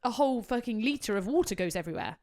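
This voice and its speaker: A woman co-hosting a podcast, telling animated stories and swearing freely in casual chat. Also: on the high side, fast talker. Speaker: podcast co-host, wedding worker.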